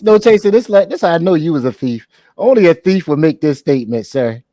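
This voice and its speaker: Mellow, lively-pitched joking man. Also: fairly quick, no room sound, studio quality. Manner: teasing, joking ribbing of friends. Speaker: podcast co-host. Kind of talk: casual chat.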